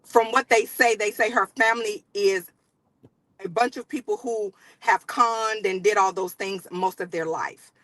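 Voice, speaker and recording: A woman's voice: medium pitch, steady tone, measured pace, fairly bright tone, no echo. A woman in her fifties hosting a casual panel discussion, explaining her points firmly and often agreeing with "exactly.". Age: 50s. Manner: emphatic, repeats "exactly", lectures. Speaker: panel host.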